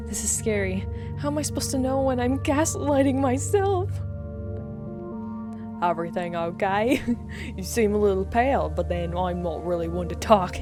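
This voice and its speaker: A woman streamer reading game text aloud in a let's play, wry and chatty, often breaking into giggles. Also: medium pitch. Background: game music.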